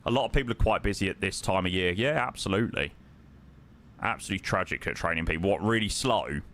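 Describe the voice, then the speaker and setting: A man's voice: deep voice, quick pace, fairly bright tone, a little hiss or hum. A young man streaming a flight sim, chatting casually and joking with viewers. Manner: chatty and joking, sings along to music. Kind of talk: casual chat.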